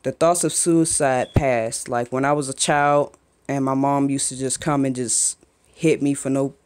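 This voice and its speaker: Candid young mother, halting and emotional. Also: very deep voice, fairly even intonation, a little mellow. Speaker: mother vlogging. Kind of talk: emotional personal vlog. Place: home, just after a shower. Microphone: phone camera.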